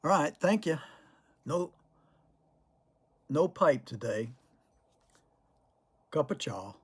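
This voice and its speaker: A man's voice: a little high, big pitch swings, slow, breathy edge. An older man chatting to camera about cigars and telling stories from his childhood, chuckling often as he talks. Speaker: cigar vlogger. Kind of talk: casual storytelling to camera.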